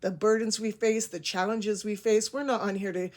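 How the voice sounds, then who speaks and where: A woman's voice: medium pitch, fairly even intonation, moderate pace, a little mellow. A woman in her forties hosting a casual storytelling monologue, chatty and prone to rambling. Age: 40s. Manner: rambling, self-aware, chatty. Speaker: host.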